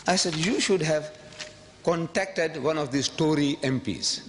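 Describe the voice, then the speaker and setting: A man giving a public lecture to an audience, emphatic and rhetorical, repeating phrases and swinging from quiet asides to sudden high outbursts. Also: unhurried. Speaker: public speaker. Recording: long hall reverb, faint background noise.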